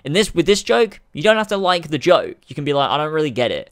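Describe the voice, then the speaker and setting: A man's voice: fairly high pitch, big pitch swings, fast talker, few pauses. Swearing young man ranting to camera. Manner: swears heavily, gets furious and shouting. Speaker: YouTuber. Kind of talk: casual rant to camera.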